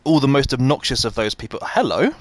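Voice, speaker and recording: A man's voice: mid-range voice, sing-song, a little fast, dry recording. Guy streaming a game, chatty, answers chat a lot, voice jumps around, dead dry audio. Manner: chatty, reads out and answers viewers while playing. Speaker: livestreamer playing a game. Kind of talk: casual live-stream chat.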